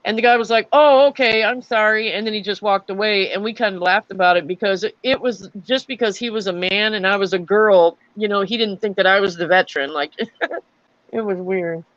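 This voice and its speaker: A young adult woman from Florida, an army veteran, rambles through stories in a casual chat, with lots of fillers and restarts. Her medium-pitched voice is brisk and fairly bright, and the recording has no room sound, with the highs cut off.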